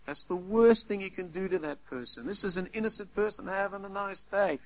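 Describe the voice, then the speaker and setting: A man preaching a sermon, lively, acting out little scenes as he talks. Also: high-pitched, brisk, a little hiss or hum, poor audio. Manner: animated, acts out little scenes in quoted voices.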